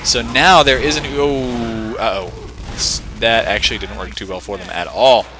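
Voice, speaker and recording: A man giving live play-by-play commentary on a competitive video game match, excitable and full of joking asides. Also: lowish voice, fairly quick, a little hiss or hum. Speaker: esports shoutcaster.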